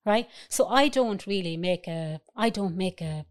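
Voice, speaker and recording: A woman's voice: fairly low pitch, expressive, unhurried. A woman, a spiritual healer guest, explaining earnestly in casual chat and checking in with "right?".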